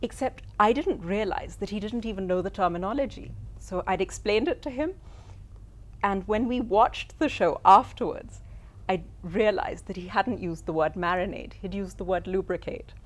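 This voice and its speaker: A woman's voice: medium pitch, normal speed. A woman from Pakistan, a writer and cooking-show host, telling anecdotes as an interview guest and acting out quoted lines. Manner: lively storyteller, acts out quotes.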